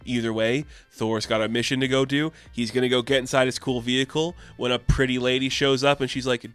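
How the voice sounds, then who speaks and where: Excited rambling man doing a comic review vlog, swears a lot, mid pitch, dry close mic. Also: fairly quick, few pauses, clean tone, dry recording.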